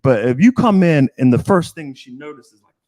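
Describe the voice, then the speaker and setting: A man's voice: a little high, animated, brisk, a little mellow. A middle-aged man, a dating coach, talking in a blunt, profane casual chat and acting out the people he quotes.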